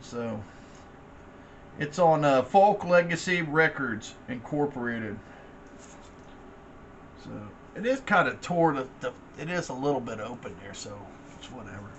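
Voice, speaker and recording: Bright-voiced man rambling casually. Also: fairly high pitch, highs cut off, a little hiss or hum. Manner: rambling, laid-back, swears freely. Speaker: vlogger.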